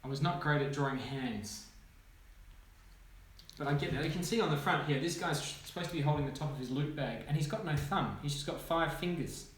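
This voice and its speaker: A man, a children's author, reading his own picture book aloud with playful, animated commentary and sound effects. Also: fairly high pitch, a little fast. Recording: echoey room, faint noise.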